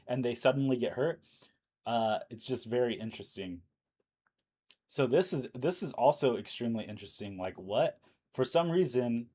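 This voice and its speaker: A man's voice: medium pitch, mellow. A man hosting a live news stream, talking casually and thinking aloud with fillers, and losing his voice. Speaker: livestream news host.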